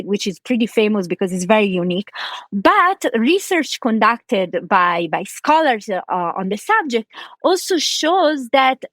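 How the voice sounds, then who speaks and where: A woman reporter talks through her subject in a fairly high voice, chatty and loose, with plenty of "like" fillers. The sound is close and dry, with no room around it. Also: dry recording. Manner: chatty explainer, frequent "like" fillers. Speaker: archaeology reporter. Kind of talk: explaining as a guest on a news podcast.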